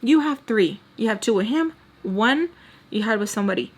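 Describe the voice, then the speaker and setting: A woman's voice: on the high side, animated, moderate pace, husky. A young adult woman telling a storytime on camera while doing her makeup, rambling and venting emotionally straight to her viewers. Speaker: storytime vlogger.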